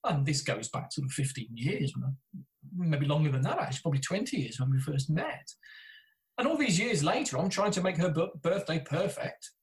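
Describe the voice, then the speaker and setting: A man's voice: a little high, very animated, normal speed, low-quality recording. A middle-aged British man, a therapist and podcaster, telling candid self-deprecating stories in an interview. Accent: British English. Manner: chatty, self-deprecating storyteller with frequent restarts.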